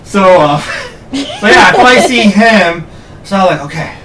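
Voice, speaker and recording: A man's voice: high voice, expressive, takes it slowly, bright, forceful tone. A man casually telling a story on a podcast, laughing and swearing as he talks. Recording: roomy, distant mic with faint noise.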